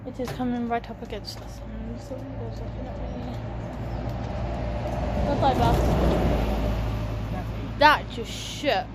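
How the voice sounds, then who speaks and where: Walking down a busy street by a bus stop, a young vlogger talks into her phone in a chatty way and swears without holding back. She speaks slowly with frequent pauses, in a slightly high voice with fairly even intonation. Passing traffic and buses make the outdoor audio loud.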